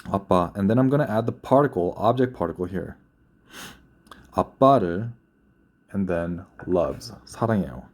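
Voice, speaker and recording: A man's voice: deep voice, animated, fast, long pauses. A young man teaching a grammar lesson, explaining patiently and often repeating or correcting himself. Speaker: Korean language teacher.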